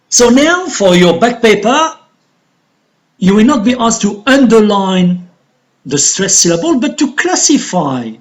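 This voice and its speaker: Algerian-accented English teacher, unhurried, very animated pitch, methodical, quizzes the class and answers. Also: rough recording. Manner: deliberate, explains step by step, asks and answers own questions. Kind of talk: recorded classroom lesson.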